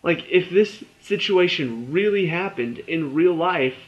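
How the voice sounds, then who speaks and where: A young man with a slightly high voice rants through a casual TV review, exasperated and tripping over his own words. The recording is dull and lo-fi, with the top end muffled. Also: expressive, a little slow. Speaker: TV review vlogger.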